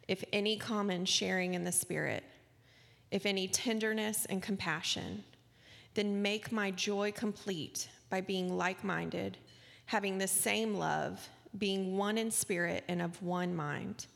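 Woman reading scripture in a gravelly voice. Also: medium pitch, a bit bright. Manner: slow, measured reading. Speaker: scripture reader. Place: large church sanctuary. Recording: distant voice with long hall reverb.

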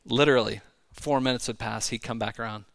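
A man preaching a sermon in a church, talking conversationally with frequent asides and quick restarts. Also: mid-range voice, fairly even intonation, vocal fry, fairly bright tone, no room sound, clean studio sound. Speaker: pastor. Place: church sanctuary.

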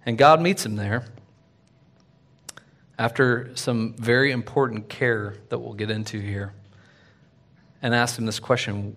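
A man preaching a sermon in a casual, conversational way, full of fillers and "right?", swinging from loud and lively to quiet. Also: mid-range voice, unhurried, long pauses. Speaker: pastor.

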